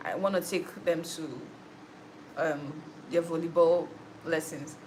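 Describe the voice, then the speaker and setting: A woman's voice: low-pitched, fairly even intonation, slow pace, a little mellow, slight background noise, pitched below the performer's own voice, poor audio. A young woman mimicking a chatty male fan who talks in a plain, matter-of-fact way. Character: chatty family man fan who talks about his daughters and step counts.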